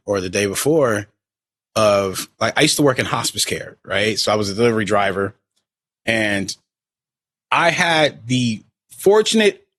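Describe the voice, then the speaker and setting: A man's voice: lowish voice, a bit bright, dry recording. A man in casual podcast chat who tells a story with animation and acts out the people he quotes. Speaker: podcast co-speaker.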